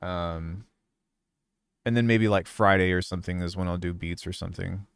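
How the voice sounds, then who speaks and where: A young man talking loosely to his stream audience, meandering with lots of fillers. His mid-range voice is smooth and clear. The sound is close and dry, with no echo. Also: deep voice, moderate pace. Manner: relaxed, rambling, many fillers. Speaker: music producer streamer. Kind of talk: casual live-stream chat.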